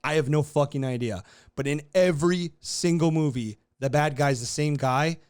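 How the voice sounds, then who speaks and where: Casting: young male podcast co-host, slightly high voice, swearing, animated rants. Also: normal speed, smooth. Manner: profane, animated ranting. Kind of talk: casual chat.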